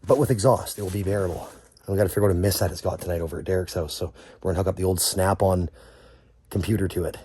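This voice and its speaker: A man's voice: sits low, darkish tone, husky. A man, vlogging about his car work in a rowdy, swearing, joking way, tired after a long week. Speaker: vlogger and mechanic. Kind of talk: casual vlog chat.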